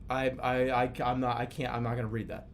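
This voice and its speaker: A man in his thirties streaming live, chatting casually in a rambling, profane, animated way. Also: mid-range voice, brisk, slight background noise. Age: 30s.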